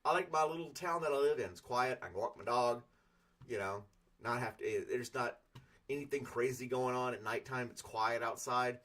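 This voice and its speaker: A man's voice: mid-range voice, normal speed, fairly bright tone. A man hosting a casual morning podcast, rambling in a folksy, self-deprecating way. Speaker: podcast host.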